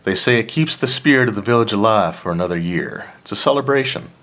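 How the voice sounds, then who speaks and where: A man's voice: lowish voice, lively intonation, fast talker, a bit bright. A man voicing a kindly village landlady who talks in a homely, chatty way with a faint drawl. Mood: hospitable. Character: kindly village landlady, middle-aged woman.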